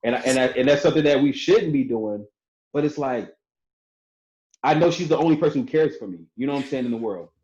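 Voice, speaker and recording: A barber and entrepreneur, appearing as a guest on a casual podcast, talks loosely about his marriage with lots of fillers and restarts. His mid-range voice is slightly mellow, with lively intonation and a fast pace. The audio is roomy and a bit dull.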